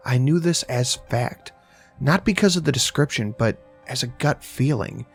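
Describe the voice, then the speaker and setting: Dude reading a creepy horror story, mid voice, faint music behind. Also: male voice, medium pitch, lively intonation, moderate pace, vocal fry, slightly rough. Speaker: narrator.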